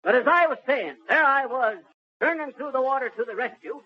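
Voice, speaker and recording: Boastful tall-tale spinner, high and folksy, 1930s radio comedy. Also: male voice, brisk. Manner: blustering, folksy, rambling storyteller with ungrammatical speech. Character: boastful middle-aged male braggart spinning tall tales. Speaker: comic lead telling a tall tale. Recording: muffled 1930s radio recording with faint hiss.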